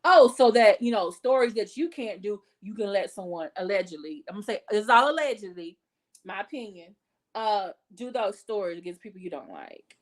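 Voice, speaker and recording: A woman's voice: mid-range voice, expressive, moderate pace. A woman hosting casual gossip commentary, blunt and profane, chatty with fillers and self-corrections. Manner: blunt and profane, talks with her hands in her words. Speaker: commentary channel host.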